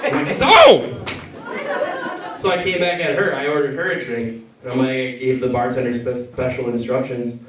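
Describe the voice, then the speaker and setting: A man's voice: medium pitch, fairly even intonation, brisk, few pauses, crowd noise, noisy background. A man doing a loose, rambling stand-up set that keeps correcting itself. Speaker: stand-up comedian. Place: comedy venue with a crowd. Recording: echoey room from far off. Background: audience laughter.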